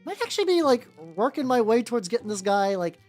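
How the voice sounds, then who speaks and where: Brief: lively, sing-song streamer with a mid pitch who rambles and swears, over faint background music. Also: fast. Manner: rambling, heavy on fillers, swears freely. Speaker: streamer painting miniatures. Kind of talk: casual live-stream chat.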